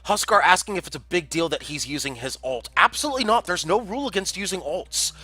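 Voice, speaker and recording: A man's voice: high voice, expressive, fast talker, sharp tone, husky, no room sound. A man casting a community game tournament on a livestream, chatty and jokey, reading out chat messages. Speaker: tournament caster.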